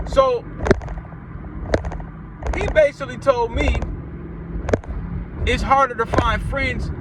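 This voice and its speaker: A man's voice: extremely high pitch, normal speed, long pauses, very noisy. A man from Minnesota telling a casual storytime, loose and rambling, with many restarts and repeats. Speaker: vlogger.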